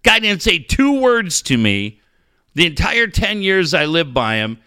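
A man's voice: sits high, a little slow, clean tone, no room sound, studio quality. A middle-aged man from Southern California, telling profane stories in casual chat and acting out the people in them. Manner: animated, profane, acts out voices in anecdotes.

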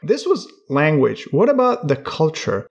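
A man's voice: a little high, wildly swooping pitch, a little slow, dull audio. A man interviewing a guest, encouraging and nodding along with frequent "mm-hmm". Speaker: interviewer, English teacher. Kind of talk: casual interview questions.

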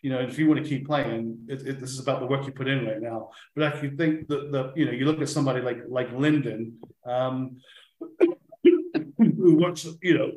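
A man's voice: mid-range voice, moderate pace, darkish tone, echoey room, poor audio. A man talking as a guest on a podcast, rambling with lots of restarts while his throat gives him trouble. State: struggling to speak, throat trouble. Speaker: football club manager guest. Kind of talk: podcast chat.

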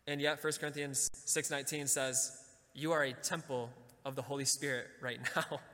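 Guy preaching, has the crowd repeat after him, goes soft and slow for emphasis, long echo in the hall. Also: mid-range voice, steady tone. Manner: leads audience in repeating lines; slows and drops to a soft, quiet voice for emphasis. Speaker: Catholic speaker. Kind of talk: sermon talk with call-and-response.

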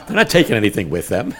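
Animated preacher, lively pitch. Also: male voice. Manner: animated storytelling preacher who laughs at his own jokes. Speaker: pastor. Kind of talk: sermon.

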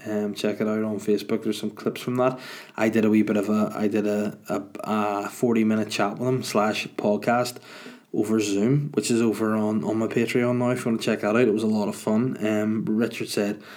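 A man's voice: on the low side, flat delivery, moderate pace, darkish tone. A man hosting a casual solo podcast, rambling through jokes with plenty of swearing. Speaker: podcast host and stand-up comedian.

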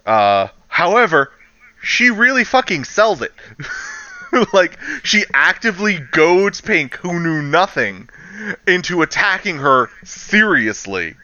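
A man chatting casually on a podcast, recapping an episode with lively energy, acting out lines with laughs and swearing. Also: a little high, slow pace, smooth, muffled recording. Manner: animated, acts out characters' lines with laughter and swearing. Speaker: podcast co-host. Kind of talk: casual chat recapping a show.

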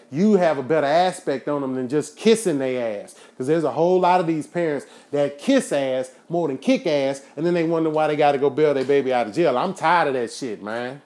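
A man hosting his own show, ranting in a profane, preachy monologue that flares into shouting. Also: fairly high pitch. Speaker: podcast host.

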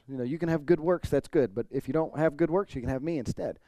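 A man's voice: on the high side, fast talker, hardly any pauses, dark tone, no echo. A man pastor preaching an expository sermon, earnest, building to emphatic points. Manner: earnest preaching, rising emphasis, occasional throat clearing.

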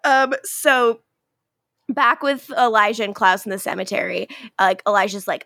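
A woman co-hosting a casual podcast, recapping a show with lots of laughter, swearing and quick acted-out character lines. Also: medium pitch, creaky, sharp tone, no echo, clean studio sound. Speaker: podcast co-host recapping a TV episode. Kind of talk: casual chat.

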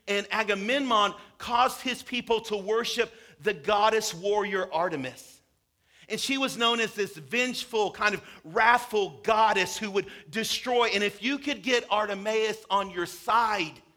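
A man's voice: sits high, bright, forceful tone. A pastor preaching a sermon in a conversational, emphatic way, acting out the quotes he tells.

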